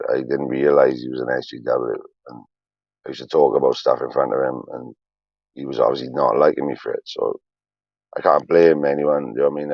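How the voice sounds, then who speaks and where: A man's voice: a bass voice, vocal fry, husky, dry recording, dull audio. A man in his forties, a streamer, rambling on a livestream in a profane, emotional, confessional way.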